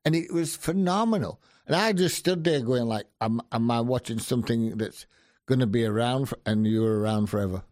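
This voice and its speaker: A man hosting a casual interview, enthusiastic and quick to praise his guest. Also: mid-range voice, darkish tone, no echo, studio quality.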